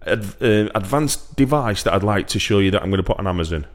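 A man hosting a casual football podcast, rambling and laughing his way through a playful mock sales pitch. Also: lively intonation, fast talker. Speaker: podcast host. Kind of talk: casual chat.

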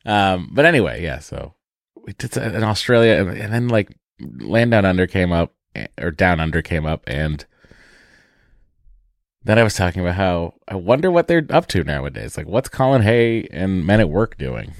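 A man with a very low voice talks casually as a podcast host. He rambles through a story, cutting himself off and starting over. The sound is dry and close, with no room echo. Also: very animated, moderate pace. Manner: rambling, self-interrupting storyteller. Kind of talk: casual chat.

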